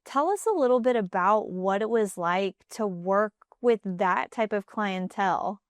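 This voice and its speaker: A woman's voice: medium pitch, a little slow, no echo, studio quality. A woman co-hosting a podcast, asking friendly questions with playful asides. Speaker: podcast co-host. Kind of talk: interview questions, casual chat.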